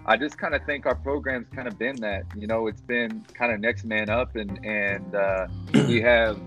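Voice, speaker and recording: A man, a guest basketball coach, talking in a halting way with many restarts. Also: on the low side, steady tone, a bit bright, highs cut off, faint music behind. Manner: halting, frequent restarts and fillers. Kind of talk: casual interview.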